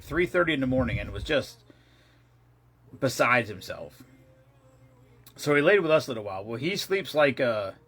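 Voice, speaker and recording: A middle-aged livestream host with a husky, slightly high-set and a bit bright voice chats loosely on stream. He rambles from one story to the next, laughing and swearing offhandedly.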